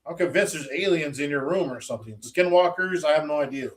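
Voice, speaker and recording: A man with a fairly high voice spins crude stories in casual podcast banter. He swears freely and jumps into the voices of the people he quotes. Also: fairly quick. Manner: profane, animated storytelling, acts out quotes. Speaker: podcast co-host. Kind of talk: casual chat.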